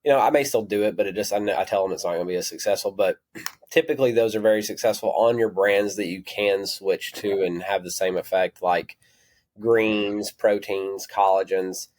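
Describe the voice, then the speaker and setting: Deep-voiced Southern man, rambling retailer. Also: normal speed, darkish tone. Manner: rambling, self-correcting, apologetic asides. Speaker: natural products retailer, guest. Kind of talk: conversational podcast interview.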